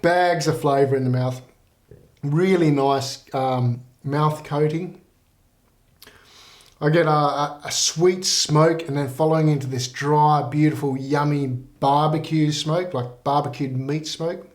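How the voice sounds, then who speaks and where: A man giving a casual whisky tasting review in a relaxed, rambling way with many fillers. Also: fairly high pitch, slow pace. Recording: roomy echo.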